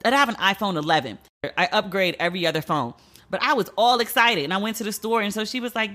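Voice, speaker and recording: A woman's voice: medium pitch, fast talker. A woman hosting a solo podcast, talking bluntly and profanely as she tells stories and vents. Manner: blunt, profane, animated storytelling. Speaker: podcast host.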